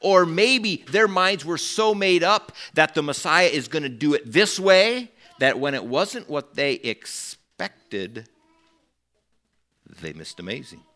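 A man preaching a sermon as pastor, telling stories with animated asides and acting out the people he quotes. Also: fairly high pitch, slow, few pauses. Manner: conversational asides to the congregation.

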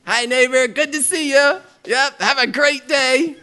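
A man's voice: mid-range voice, measured pace, sharp tone, voice pushed down. A man playing a churchgoing man who hides his anger behind forced kindness, jumping between seething lines and sugary politeness. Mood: fake cheerful. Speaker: character acted out in a Bible talk.

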